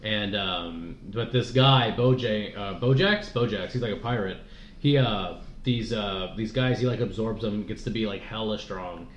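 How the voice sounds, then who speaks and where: A man's voice: lowish voice, a little slow. Male podcast co-host, casual and profane, with a slightly muffled sound and faint hiss. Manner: rambling, profane, laughs often. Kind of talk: casual chat. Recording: echoey, dull room audio with faint noise.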